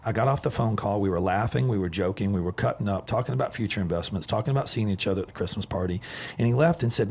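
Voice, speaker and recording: A man hosting a podcast, talking in a casual, energetic and upbeat way in a podcast room. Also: on the low side, fast talker, gravelly, noisy background. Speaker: podcast host.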